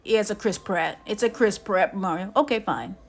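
A woman streamer giving excitable, exclamatory live reaction commentary. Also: medium pitch, moderate pace, breathy edge.

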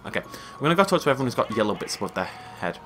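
A man narrating his own gameplay in a loose, chatty way, dry and amused as he talks to himself. His voice is bright and lively, rising and falling a lot. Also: mid-range voice, very fast, slight background noise. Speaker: let's play gamer. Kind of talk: casual gameplay commentary.

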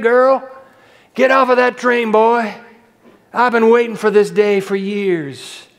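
A man's voice: extremely high pitch, a bit bright, voice pushed up. A male preacher voicing God as a forgiving figure calling people home, in impassioned, repeated short phrases, in an echoey hall.

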